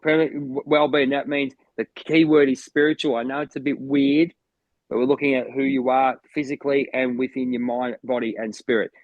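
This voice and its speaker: A man's voice: mid-range voice, flat delivery, moderate pace, no room sound, narrow, tinny audio. An Australian man co-hosting a podcast as a motivational coach, talking in an enthusiastic, rambling way with lots of restarts. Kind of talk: casual chat.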